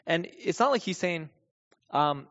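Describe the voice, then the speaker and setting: A man's voice: fairly high pitch, animated, moderate pace, creaky. A man preaching a sermon, emphatic, often repeating key phrases for stress. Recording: long hall reverb, dull lo-fi sound.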